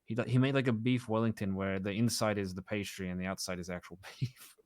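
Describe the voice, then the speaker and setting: A man's voice: fairly low pitch, steady tone, fast, darkish tone, no room sound. A man chatting casually in character during roleplay, rambling with many restarts and swearing. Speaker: roleplay player.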